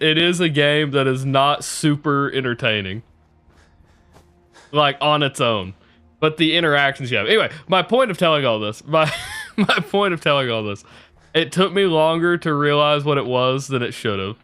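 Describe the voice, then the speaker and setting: A man's voice: unhurried, smooth. A young adult man streaming, telling a story in casual chat with lots of swearing and frequent laughter. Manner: animated, swearing, laughing often, breaking into high laughs.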